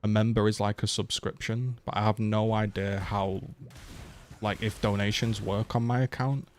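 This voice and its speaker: A man's voice: lowish voice, flat delivery, normal speed, a little mellow, no echo. A young man chatting casually on a game live stream, swearing freely and thanking viewers for donations.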